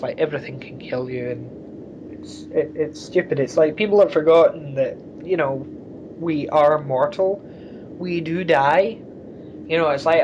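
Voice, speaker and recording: A blunt, sarcastic man rambles in a casual chat and swears now and then. His voice sits a bit high. The sound is dull and lo-fi, with faint noise behind him. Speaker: co-host.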